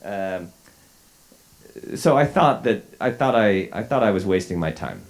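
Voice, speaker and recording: In a lecture hall, a man in his forties, a journalist, tells a live audience a self-deprecating, wry story. He talks unhurriedly with a lowish voice and lively intonation, sounds a little sick, and often uses fillers and restarts.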